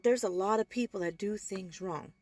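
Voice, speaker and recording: A woman's voice: medium pitch, normal speed, darkish tone, no room sound. A young adult woman in a heated, profane social media rant, speaking emphatically and swearing often. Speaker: vlogger.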